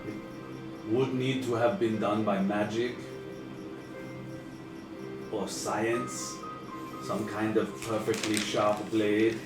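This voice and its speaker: A man's voice: fairly low pitch, flat delivery, far from the mic. A man voicing a grieving male dwarf mage, speaking formally with a put-on German accent, in an echoey room with music playing. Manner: grieving, halting, formal speech. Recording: echoey backyard or living room with music behind.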